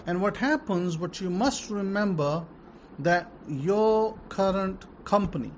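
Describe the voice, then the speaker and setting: A man's voice: high-pitched, expressive, slow pace, highs cut off, a little hiss or hum. A man preaching about tithing in an emphatic, repetitive way, telling testimonies to his listeners. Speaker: religious teacher on tithing.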